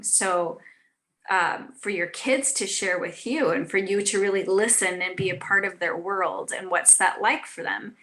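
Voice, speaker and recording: Bright, earnest woman author chatting. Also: mid-range voice. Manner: earnest, chatty, lots of fillers and restarts. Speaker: author guest. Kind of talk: casual live chat.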